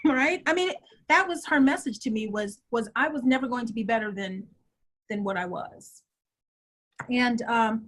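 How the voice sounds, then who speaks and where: A middle-aged woman telling a personal story in an interview, animated and acting out the voices of people she quotes. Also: fairly high pitch, normal speed. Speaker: guest.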